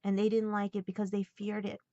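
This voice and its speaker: A woman speaking in a heartfelt personal vlog, earnest and halting at times as she passes on a message. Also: medium pitch, monotone, warm tone, no echo, dull audio. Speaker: vlogger.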